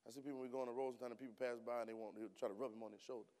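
Guy preaching in church, chatty, lots of questions at the crowd, gets real loud when he pushes a point. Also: medium pitch, fairly even intonation, racing. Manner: conversational, rising to loud emphatic bursts; colloquial, rhetorical questions to the congregation. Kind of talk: sermon.

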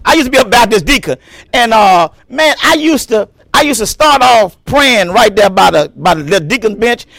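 A male pastor preaching a sermon with emphatic delivery, repeating phrases and breaking into shouts. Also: high voice, animated, normal speed, creaky, dry recording.

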